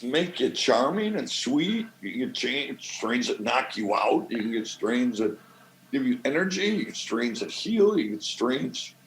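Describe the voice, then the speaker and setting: A man from the American Midwest, a podcast guest who grows cannabis, telling stories in a swaggering, salty, animated way. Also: medium pitch, measured pace, echoey room, a little hiss or hum, low-quality recording. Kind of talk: casual storytelling.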